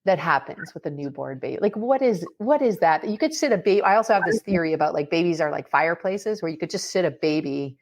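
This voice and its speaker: A woman, an author and speaker, talking as a podcast guest in a lively, storytelling way with frequent fillers. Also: on the low side, fast talker, few pauses. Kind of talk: casual podcast conversation.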